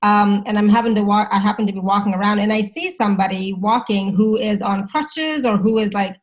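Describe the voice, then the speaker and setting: A woman's voice: mid-range voice, a little fast, low-quality recording. A woman hosting a casual conversation, chatty and rambling, often affirming her guest.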